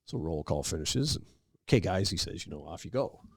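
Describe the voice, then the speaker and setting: Middle-aged man with a very deep, gravelly voice, relaxed podcast guest spinning anecdotes and playing out the dialogue. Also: fairly quick, no room sound, studio quality. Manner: relaxed anecdotal storyteller, acts out quoted dialogue. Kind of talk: casual storytelling interview.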